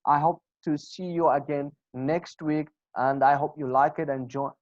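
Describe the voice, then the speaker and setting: A man's voice: a little high, fairly even intonation, normal speed, dry recording. A man with a Kurdish accent leads an online English pronunciation lesson. He patiently repeats each example phrase again and again. The video call audio is dull and dry. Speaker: English teacher.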